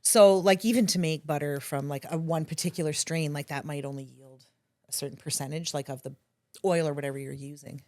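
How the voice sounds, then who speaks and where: A woman's voice: sits low, fairly even intonation, a little fast, mellow. A woman, a bakery co-owner, chatting casually and upbeat as a podcast guest. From Canada.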